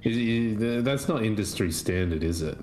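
A man's voice: lowish voice, expressive, normal speed, a little mellow, soft background music. Dry, wry guy. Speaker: podcast co-host. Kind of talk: casual chat.

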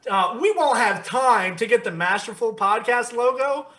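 A man's voice: extremely high pitch, normal speed, pushed and bright. A man co-hosting a livestreamed podcast, joking in a playful, hyped-up way. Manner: playful, hyped, calls people brother. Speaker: podcast co-host. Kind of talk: casual chat, livestreamed podcast.

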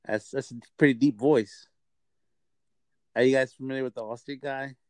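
A man hosting a casual podcast chat, rambling and halting, often repeating himself. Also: mid-range voice, steady tone, darkish tone, no echo. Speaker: podcast host.

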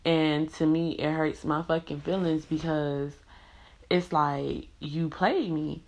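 A woman telling a frank, profane storytime to camera. Her voice sits low for a woman and runs loose and chatty, thick with "like" and "you know". It comes across as an unscripted personal story, told straight to the viewer. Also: steady tone, slow, darkish tone. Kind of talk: casual storytime monologue.

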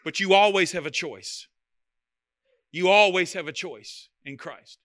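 A man's voice: sits high, unhurried, a bit bright. A man preaching a sermon as pastor, talking in a loose, conversational way with humor and repeated phrases.

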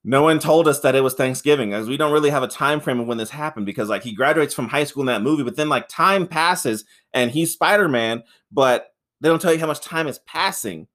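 A man co-hosting a podcast, reviewing a film in casual, profane, rambling chat, laughing often and acting out characters in high voices. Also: fairly quick, fairly bright tone. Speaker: podcast co-host.

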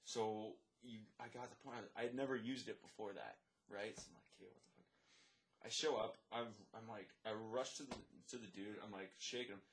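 A man who works as a lifeguard and swim instructor, telling a story in casual chat, animated, swearing, and acting out the dialogue. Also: fairly low pitch, fairly quick, few pauses. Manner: animated, swears, many fillers; acts out dialogue, drops to a whisper.

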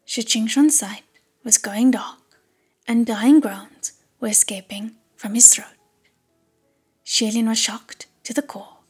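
A woman's voice: on the high side, darkish tone. A woman narrating an audiobook chapter in a whispered role-play. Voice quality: breathy whisper.

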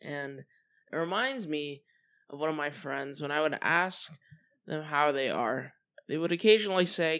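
A young adult hosting a solo podcast, talking casually in a relaxed, chatty way with many fillers and trailing thoughts. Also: mid-range voice, normal speed. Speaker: podcast host.

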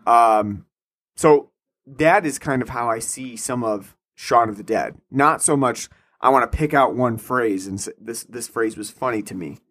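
A man with a mid-pitched voice talks through his views on a film in a relaxed, considered way. He pauses often with fillers as he works out his thoughts. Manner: measured, thoughtful, many fillers. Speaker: podcast co-host. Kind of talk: casual film chat.

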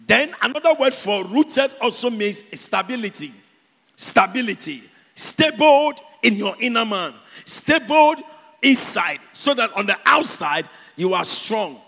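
A Ghanaian man preaching in a church with a high, husky, gravelly voice. He drives points home by repeating words and lifts some phrases into a sing-song. The sound rings with the long reverb of a church hall. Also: big pitch swings, unhurried, fairly bright tone. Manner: emphatic, repeats key words, sings out phrases. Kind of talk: sermon.

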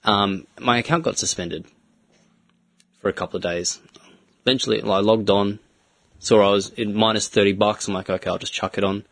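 A man with an Australian accent, co-hosting a casual chat and telling his story in a steady, matter-of-fact way. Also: lowish voice, moderate pace, long pauses, dry recording. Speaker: podcast co-host.

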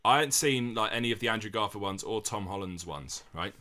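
A man co-hosting a casual comedic podcast, rambling and acting out film scenes with big jumps in pitch. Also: brisk, bright, forceful tone. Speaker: podcast co-host.

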